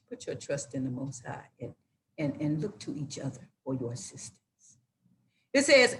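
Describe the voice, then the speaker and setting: A woman's voice: a bass voice, big pitch swings, normal speed, slight background noise. A woman reading scripture aloud and commenting on it with passion, bluntly and colloquially, restarting her words as she goes. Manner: impassioned, repeats words while restarting. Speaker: Bible teacher.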